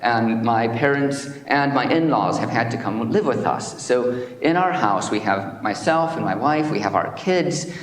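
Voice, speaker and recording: A man's voice: mid-range voice, animated, a little slow, close to an everyday voice. A man voicing a weary, complaining farmer. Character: troubled poor male farmer, complaining. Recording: echoey hall.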